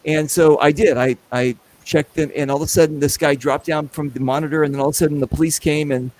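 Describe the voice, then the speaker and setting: A middle-aged man hosting a casual show, telling a long story with lots of acted-out voices and quick asides. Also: fairly high pitch, low-quality recording. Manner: animated, acts out voices in anecdotes. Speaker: podcast host.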